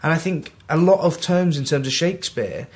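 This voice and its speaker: A man's voice: fairly high pitch, normal speed. Mancunian young man telling stories. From Manchester, England. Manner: animated, acts out quoted dialogue. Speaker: podcast guest, actor. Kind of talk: casual anecdotal storytelling.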